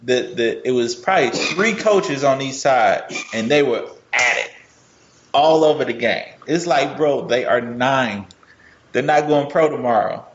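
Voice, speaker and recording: A man's voice: medium pitch, measured pace. Laid-back teasing man, echoey sound. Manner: laughing, teasing and reasoning. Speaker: podcast co-host. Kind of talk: casual chat. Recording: roomy, dull sound with faint noise.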